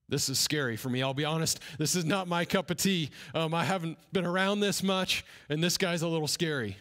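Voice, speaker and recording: Man, pastor, slightly high voice, first-person dramatic sermon storytelling, hushed suspense whispers. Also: normal speed. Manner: animated retelling, drops to whispers for suspense.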